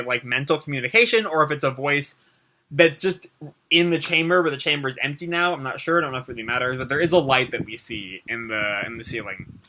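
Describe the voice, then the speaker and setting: A man's voice: on the high side, pushed and bright. A man hosting a casual live reaction to a manga chapter. He recaps chattily with many fillers and asides, and reads the characters' dialogue aloud.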